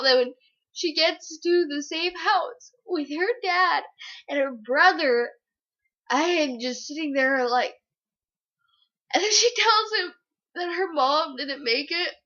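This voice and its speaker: Young woman, high voice, slow talker, giggly, rambling, casual book review vlog, slightly lo-fi audio. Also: sharp tone.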